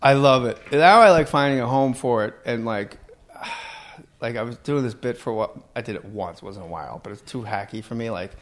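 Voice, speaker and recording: Lively comedian host riffing on impressions. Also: male voice, mid-range voice, moderate pace. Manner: lively, slips into movie impressions. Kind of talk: casual podcast chat.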